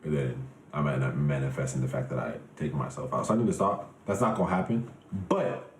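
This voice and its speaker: A man in his twenties chatting casually and profanely with his livestream viewers, joking in an animated way that drops to low mutters. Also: roomy sound, a little hiss or hum, poor audio. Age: 20s. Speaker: live streamer.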